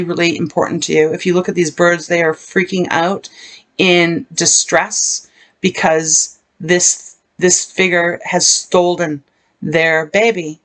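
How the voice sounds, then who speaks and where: A tarot reader giving a solo card reading to viewers. The talk is earnest and emotional, leans slowly on painful words, and often repeats or corrects itself mid-sentence. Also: mid-range voice.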